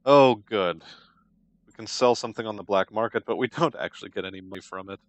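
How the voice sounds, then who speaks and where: A man's voice: on the low side, fairly quick. A young man giving casual let's-play commentary on a strategy game, with dry, wry understatement.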